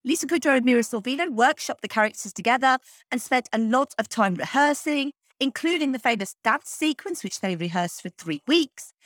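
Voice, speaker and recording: A woman's voice: high voice, animated, a little fast, a bit bright, dry recording, studio quality. A woman hosting a podcast, reading a script with chatty, opinionated asides. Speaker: podcast host.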